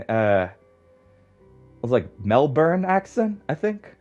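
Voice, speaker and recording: A man's voice: medium pitch, big pitch swings, slow, a little mellow, faint music behind. A young man rambling casually as a podcast guest, swearing often and filling his talk with "like.". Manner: rambling, swears a lot, heavy use of "like". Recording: dull lo-fi audio.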